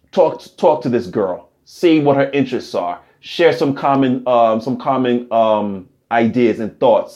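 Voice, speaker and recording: A man hosting a podcast in a casual comedic monologue, animated and rambling, his voice swinging high and low. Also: lo-fi sound. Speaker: podcast host.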